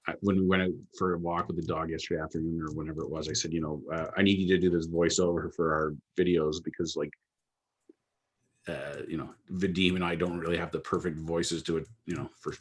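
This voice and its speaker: A man with a very low, deep voice talks in a loose, rambling way, full of "uh" and "like". He chats casually with a business partner about their app project. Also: fast, breathy edge. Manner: relaxed, rambling with fillers. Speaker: app co-founder. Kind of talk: casual work chat.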